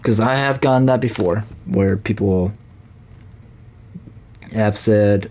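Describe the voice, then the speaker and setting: Slow-talking Southern US man streaming. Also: fairly low pitch, creaky, warm tone. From Southern United States. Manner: rambling, halting, many fillers. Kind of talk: casual live-stream chat while playing.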